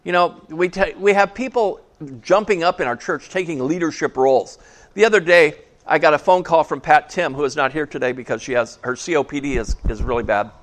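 A man's voice: on the high side, brisk, fairly bright tone. A man preaching a casual sermon to a small church, chatty and joking, asking the congregation questions. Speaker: pastor.

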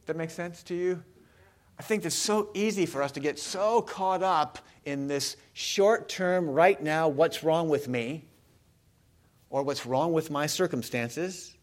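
A male pastor giving a sermon in a conversational way, often putting questions to the congregation. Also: fairly high pitch.

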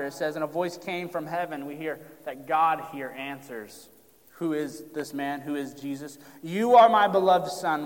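A pastor delivers a sermon in a big-sounding room, his voice pitched on the high side. He speaks straight to his congregation, reading Scripture and building emphasis as he goes.

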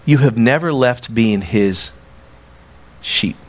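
A man preaching a sermon as a pastor, animated and emphatic, acting out quoted dialogue. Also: mid-range voice, slow.

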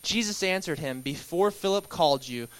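Young male church teacher, raised pitch, casual conversational delivery in a church hall. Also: animated, moderate pace, smooth. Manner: conversational, with filler words and light laughs.

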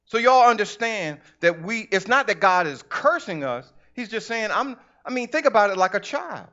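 High-voiced preacher man, conversational sermon. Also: moderate pace, hardly any pauses, dull audio. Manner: animated, conversational preaching with acted asides. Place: church.

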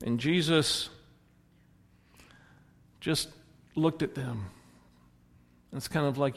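In a gravelly, fairly high voice, a pastor preaches extremely slowly and pauses often. He retells a story and performs the quoted lines of its characters, while a long hall reverb surrounds the recording.

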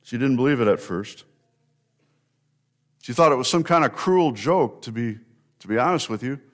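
A middle-aged male pastor giving an Easter sermon, telling a story earnestly with rising emphasis and pauses. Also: medium pitch, expressive.

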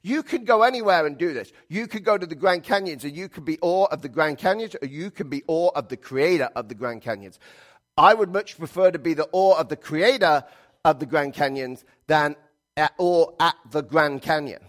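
A middle-aged man preaching a sermon, emphatic and repetitive, swinging between loud stresses and quiet asides. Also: on the high side, lively intonation, moderate pace. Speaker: pastor.

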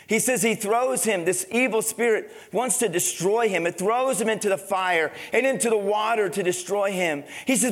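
A man with a high voice preaches to his congregation, reading scripture aloud and pausing to put questions to the listeners. His intensity swells and drops as he goes. The sound rings with the long reverb of a church hall. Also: fairly bright tone. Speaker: pastor. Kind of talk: sermon. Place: church sanctuary.

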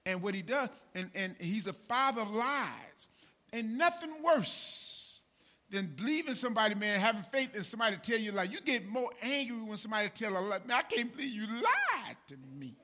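At a normal speed and with plenty of expression, the pastor preaches in a conversational manner. Quiet asides alternate with shouted points, and "man" and "right?" pepper his lines.

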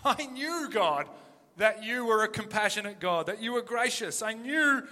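A man's voice: sits high, expressive, normal speed, sharp tone, big-room sound. A man preaching who voices a petulant, self-pitying male prophet in a whining, dramatic plea. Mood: self-righteous. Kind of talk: sermon.

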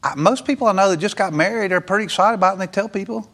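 A man's voice: sits high, very fast, a bit bright. A man preaching a sermon in an earnest, conversational way, acting out short bits of dialogue. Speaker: pastor.

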